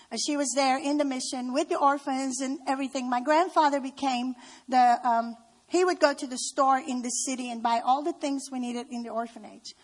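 A woman with a high-pitched voice tells stories of her family in a personal testimony talk. She speaks heartfelt and unhurried, leaning on key words. She is middle-aged. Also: a bit bright. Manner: heartfelt, storytelling with slow emphasis. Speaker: speaker at a women's gathering.

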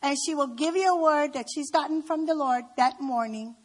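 A woman with a high-pitched voice tells stories of her family in a personal testimony talk. She speaks heartfelt and unhurried, leaning on key words. She is middle-aged. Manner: heartfelt, storytelling with slow emphasis. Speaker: speaker at a women's gathering.

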